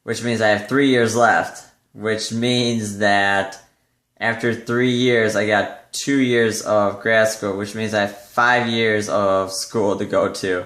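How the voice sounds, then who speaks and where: A man's voice: on the low side, slow. Young man, casual vlog chat, rambling, lots of fillers, echoey room. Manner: rambling, heavy on fillers, animated when quoting others. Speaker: vlogger.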